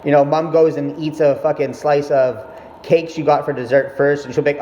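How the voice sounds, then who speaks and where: A man's voice: on the high side, little pitch movement, moderate pace, dark tone. Rambling, cursing guy in an echoey room. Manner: rambling, profane, self-interrupting. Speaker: vlogger. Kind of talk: casual storytelling monologue. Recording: echoey, dull room sound with faint noise.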